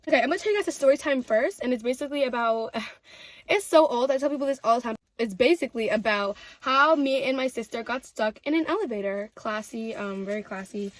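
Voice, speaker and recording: A young woman vlogger telling a story while eating, chatty and animated, full of "like" and "literally". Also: a little high.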